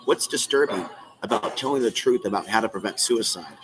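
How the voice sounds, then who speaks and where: Man, lowish voice, agitated rambling live rant, coffee shop, clear music behind. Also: animated, a little fast, poor audio. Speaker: channel host.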